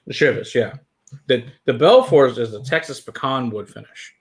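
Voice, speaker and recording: Man, stream host, casual tasting chat, rambling, reads chat aloud, middle pitch. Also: moderate pace.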